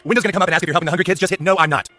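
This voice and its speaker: A man's voice: high voice, fairly even intonation, very fast, pushed and bright, faint music behind. An actor playing a pushy male supermarket cashier who guilts shoppers about a charity dollar, speaking in a sarcastic, mock-polite way. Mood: passive-aggressive. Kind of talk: sketch comedy acting.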